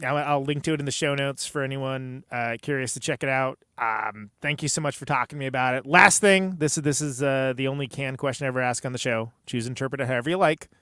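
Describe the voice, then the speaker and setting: A man's voice: mid-range voice, fast, few pauses, sharp tone, clear, resonant tone, dry recording, clean studio sound. A man hosting a podcast, friendly and enthusiastic as he wraps up an interview. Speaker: podcast host.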